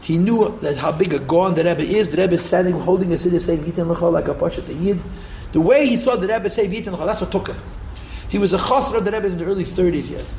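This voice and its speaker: An older man, a rabbi, telling stories in a repetitive, animated way and sprinkling in Yiddish and Hebrew terms. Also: high-pitched, quick pace, slight background noise. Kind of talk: storytelling talk. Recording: echoey room.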